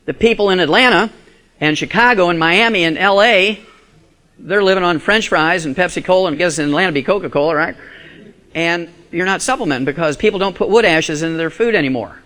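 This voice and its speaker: A man's voice: high-pitched, fast talker, pushed and bright. A man giving a live health lecture to an audience, folksy and emphatic, full of rhetorical questions.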